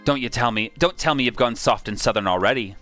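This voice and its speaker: A pushy, needling royal adviser, as a man puts him on, in a bright voice with an altered timbre. He teases with a pressing, goading edge, and faint music sits underneath. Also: medium pitch, fast talker, close to an everyday voice. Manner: needling, teasing.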